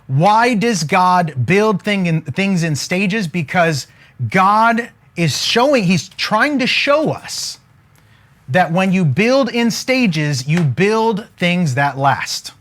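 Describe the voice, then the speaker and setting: During a live stream, a man with a high-pitched voice coaches on wealth at a slow pace. He's energetic and casual, joking and sounding preacher-like while repeatedly urging viewers to comment.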